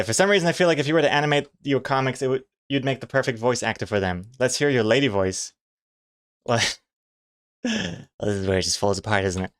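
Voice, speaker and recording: A man's voice: medium pitch, clear, resonant tone, no room sound, studio quality. A man chatting casually and joking at his own expense while he draws comics on a live stream, reading chat messages aloud. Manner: self-mocking, jokey, reads chat aloud.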